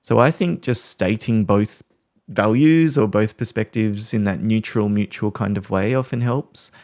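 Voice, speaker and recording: A man hosting a podcast, calmly explaining ways to handle conflict with examples from family life. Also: on the low side, measured pace, dry recording, studio quality. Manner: calm, explanatory, talks through examples. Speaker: podcast host. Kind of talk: podcast talk on parenting conflict.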